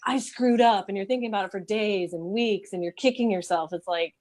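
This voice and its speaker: A woman's voice: mid-range voice, quick pace, darkish tone. A woman co-hosting a casual motivational chat, earnest and reassuring. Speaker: co-host.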